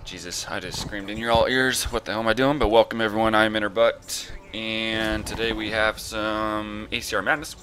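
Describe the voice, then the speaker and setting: A man's voice: fairly low pitch, fairly even intonation, moderate pace, hardly any pauses, bright, forceful tone, faint music behind. A young man rambling through casual game commentary, self-mocking and full of fillers and mild cursing. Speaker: gameplay commentator.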